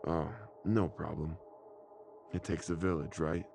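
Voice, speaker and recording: Man doing an eerily sweet doting husband, very deep voice, gravelly creak, slow unhurried delivery, horror story. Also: steady tone, noisy background, heavily acted. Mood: friendly. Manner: warm, chipper, tender with his wife. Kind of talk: scripted horror story narration.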